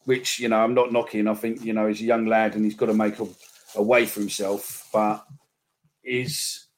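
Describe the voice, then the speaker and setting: Halting middle-aged man, lowish voice. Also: little pitch movement. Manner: hesitant, halting, repeats himself. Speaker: football podcast co-host. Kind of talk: casual fan chat.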